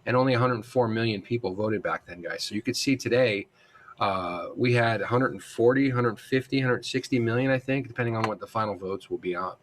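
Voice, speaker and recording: A man talks through a recorded lecture in an easygoing, conversational way. He speaks at a middle pitch, calls his students "guys," and often restarts his sentences with fillers. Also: fairly quick. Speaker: instructor.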